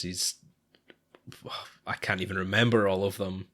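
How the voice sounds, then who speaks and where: Male podcast co-host, lowish voice, halting casual delivery with restarts. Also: steady tone. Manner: hesitant, lots of restarts and sighs. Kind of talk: casual chat.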